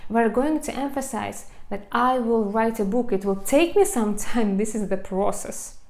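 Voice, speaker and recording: A woman's voice: fairly high pitch, unhurried, gravelly, darkish tone. A woman with a Russian accent teaching a language lesson online, explaining step by step with frequent fillers and restarts.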